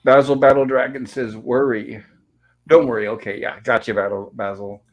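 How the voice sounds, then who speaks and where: A man's voice: mid-range voice, fairly even intonation, moderate pace. Chatty man hosting a live stream. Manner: reads chat messages aloud, friendly and rambling. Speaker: podcast host. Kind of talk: casual live-stream chat.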